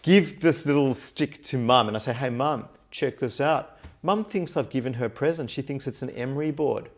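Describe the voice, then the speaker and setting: A man with an Australian accent, a guest who works as a mindset and life coach, tells his story in a casual interview. He is animated, laughs often and acts out what people said, speaking fairly quickly in a mid-range voice.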